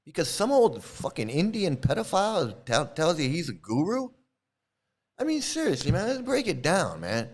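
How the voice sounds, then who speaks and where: Angry, swearing man with a lively pitch. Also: normal speed. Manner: angry, profane, confrontational. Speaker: YouTube channel host. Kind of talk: profane live-stream rant.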